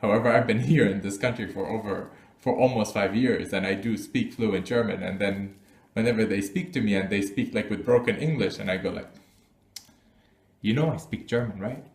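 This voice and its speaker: A man's voice: lowish voice, fairly quick. A man vlogging casually, telling personal stories to camera, often laughing and acting out what people said. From Arab. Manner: animated, laughs often, acts out quotes. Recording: echoey room.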